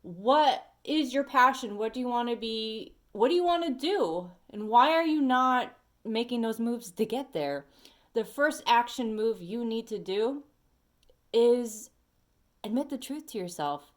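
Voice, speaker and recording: A woman's voice: a little high, a little slow. Chatty woman giving a tarot reading. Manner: chatty and animated, talks to the viewer; sings snatches of songs and talks to bugs. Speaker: tarot reader. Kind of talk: casual weekly energy reading. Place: at home.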